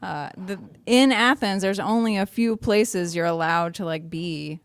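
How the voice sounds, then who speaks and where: A woman's voice: mid-range voice, unhurried, clean tone. A woman on a panel, speaking bluntly with a sardonic edge. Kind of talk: casual panel talk.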